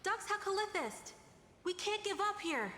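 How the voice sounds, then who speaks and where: An actress playing a soft-spoken young female ally in a video game, talking in an earnest way. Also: very high-pitched, very animated, unhurried, slight background noise, exaggerated voice. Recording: game audio with long reverb.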